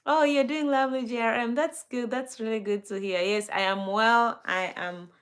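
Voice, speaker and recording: A woman's voice: on the high side, steady tone, moderate pace. A woman hosting a casual livestream, reading out entertainment news and greeting viewers by name in a chatty, upbeat way. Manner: upbeat, laughs between items. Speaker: livestream host.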